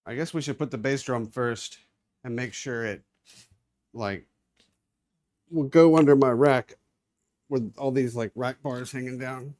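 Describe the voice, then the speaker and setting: A man hosts a casual live stream, chatting as he works and narrating his hands-on tasks while moving around an indoor room with a carpeted floor. His voice is medium-pitched and steady, and he talks at a normal speed.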